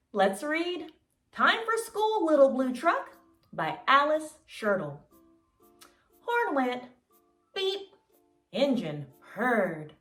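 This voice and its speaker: A woman's voice: high-pitched, fairly bright tone. A woman teaching toddlers, reading a picture book aloud in an enthusiastic, sing-song, encouraging way. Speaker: preschool teacher. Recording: roomy sound, mic at a distance, faint music.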